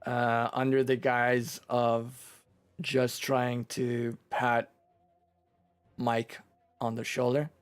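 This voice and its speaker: A male game master narrates a tabletop session. He talks the players through rolls and damage in a relaxed, step-by-step way. His pitch sits in the middle. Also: very slow, clear, resonant tone, soft background music. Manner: relaxed, explains rules step by step.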